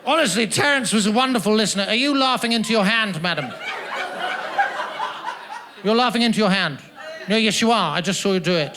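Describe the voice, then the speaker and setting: A man doing stand-up comedy on a festival stage, teasing the audience with florid, mock-formal, pompous phrasing into a handheld mic. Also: high-pitched. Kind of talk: stand-up comedy with crowd work. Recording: noisy live audience laughter.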